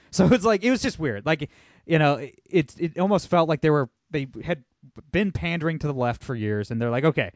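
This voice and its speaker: A man's voice: fairly high pitch, no room sound. A man guesting on a podcast, talking in a sardonic, rambling way with lots of fillers. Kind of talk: casual chat. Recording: dry, dull lo-fi audio.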